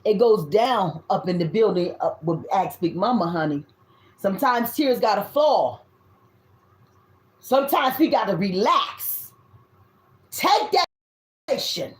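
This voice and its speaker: A woman in her fifties with a Southern US accent, giving a tarot reading in loud, blunt, casual talk and swearing freely. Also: medium pitch, lively intonation, unhurried, pauses often. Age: 50s. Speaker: tarot reader. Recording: echoey room.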